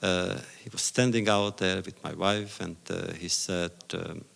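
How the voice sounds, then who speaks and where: Older male lecturer, gravelly, deliberate storyteller, echoing hall. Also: low-pitched, steady tone, a bit bright. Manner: measured, deliberate phrasing with pauses. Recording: reverberant hall recording. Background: audience laughter.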